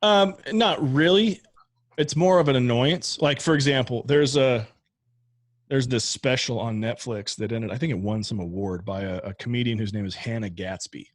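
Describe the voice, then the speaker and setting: A man's voice: mid-range voice, normal speed, dry recording. A man talking candidly about learning stand-up comedy, rambling with restarts and casual swearing. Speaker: podcast guest, stand-up comic. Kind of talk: casual conversation.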